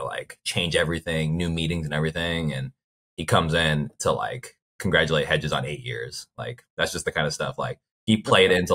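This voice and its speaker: A man's voice: rumbling low, bright, forceful tone. A young man, a baseball player, chatting casually in an interview and telling rambling stories full of "like" fillers. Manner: rambling storyteller, frequent "like" fillers.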